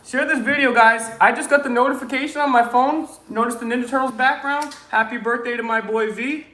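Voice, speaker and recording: A man's voice: very high-pitched, fairly even intonation, fairly quick, bright, forceful tone, reverberant. Joking, rambling livestream host man. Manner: joking, rambling, loose and crude. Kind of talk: casual livestream chat.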